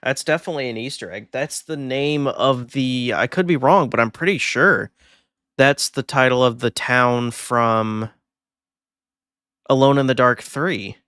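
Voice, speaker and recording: A man's voice: medium pitch, a little slow, fairly bright tone, clear, resonant tone, no room sound. Brief: male game streamer, casual rambling commentary, dry close sound. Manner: rambling, thinking aloud with fillers.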